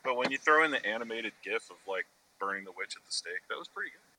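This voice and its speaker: A man's voice: medium pitch, animated, fast, bright, forceful tone, dry recording. A man chatting casually on a social audio app, amused and enthusiastic. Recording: noisy background.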